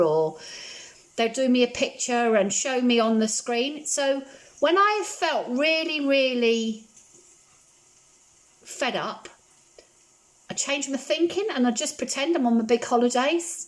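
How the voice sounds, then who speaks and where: Woman home cook vlogging from her kitchen, chatty and reassuring, voice on the higher side. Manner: chatty, reassuring, repeats phrases for comfort. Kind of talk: casual chat while cooking.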